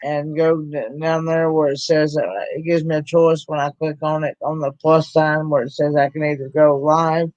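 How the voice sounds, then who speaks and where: A man's voice: a little high, flat delivery, darkish tone, no echo. A man in a casual chat, talking hesitantly with many restarts. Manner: hesitant, unsure, slow. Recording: dull dry lo-fi sound.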